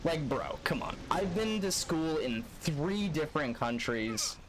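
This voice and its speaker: A man's voice: on the high side, animated, unhurried, slight background noise. A young man streaming a speedrun, telling a long story in a rambling, profane, laid-back way. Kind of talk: casual storytelling while gaming live.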